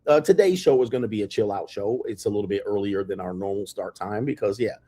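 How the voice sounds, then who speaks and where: A man's voice: fairly low pitch, dark tone. An American man hosting a live stream from a hotel room, bragging and hyping himself with a long run of titles. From United States. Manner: brash, swaggering self-hype with drawn-out titles. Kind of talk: boastful casual stream talk. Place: hotel room near an airport.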